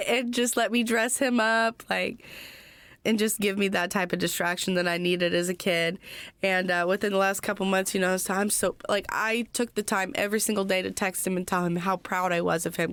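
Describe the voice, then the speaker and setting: A woman in her twenties, a podcast guest, telling her personal recovery story in an earnest, halting way with many fillers. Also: mid-range voice, a bit bright, no room sound. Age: 20s.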